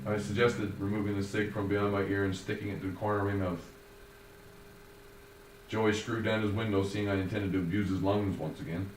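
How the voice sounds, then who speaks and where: A man reads his own first-person story aloud in a wordy, formal, measured way. His voice sits on the low side. He is recorded from a distance in a roomy, echoing space, with faint noise in the background. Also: flat delivery.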